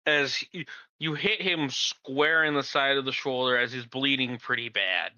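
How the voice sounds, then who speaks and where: A man narrating and calling rules as game master in a tabletop game, matter-of-fact and relaxed. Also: medium pitch, moderate pace, no room sound. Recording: dull, lo-fi mic.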